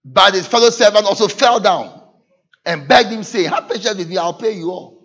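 A pastor with a high-pitched voice preaches at normal speed in church, livening his sermon by dramatically acting out the voices of people in his stories. The church recording is dull and lo-fi.

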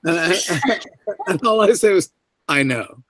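A middle-aged man, an actor guest on a podcast, telling an anecdote in an animated way and acting out the voices of the people he quotes. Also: a little slow, slightly rough, no echo. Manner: animated, acts out quoted voices with big pitch jumps. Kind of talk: anecdotal storytelling.

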